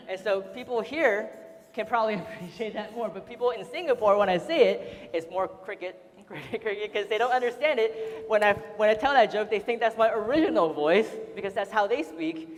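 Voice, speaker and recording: Chatty man presenting in a hall. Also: high voice. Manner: chatty, laughing often, frequent fillers. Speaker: seminar speaker. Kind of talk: casual seminar presentation. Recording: roomy hall reverb.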